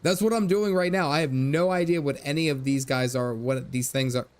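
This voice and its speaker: A man's voice: on the high side, steady tone, brisk. Chatty man livestreaming a game. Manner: chatty storyteller, frequent laughs and asides. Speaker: gaming livestreamer. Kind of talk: casual chat over gameplay. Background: faint game music.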